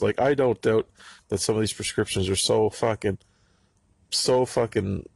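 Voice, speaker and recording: A middle-aged man with a husky voice, ranting angrily and sarcastically with plenty of profanity in a podcast monologue. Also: lowish voice, fairly even intonation, a little slow, pauses often, darkish tone, no room sound.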